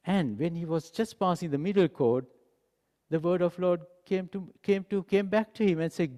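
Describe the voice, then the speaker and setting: A man preaching a sermon, animated and acting out dialogue, dropping to a soft voice for emphasis. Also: high-pitched, moderate pace. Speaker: pastor. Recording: long hall reverb.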